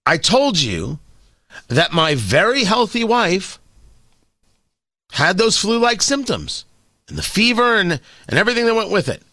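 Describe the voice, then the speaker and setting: Lively, bright-voiced sardonic male commentator. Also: high voice, unhurried, pauses often, no room sound, studio quality. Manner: sardonic and opinionated, with frequent emphatic rhetorical questions. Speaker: commentary show host. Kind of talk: opinion commentary monologue.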